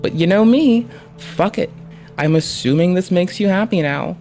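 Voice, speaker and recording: Heated, foul-mouthed streamer, mid pitch. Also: animated, moderate pace, a little mellow, soft background music. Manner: heated, sarcastic, heavy swearing. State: annoyed and frustrated. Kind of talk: livestream reaction commentary.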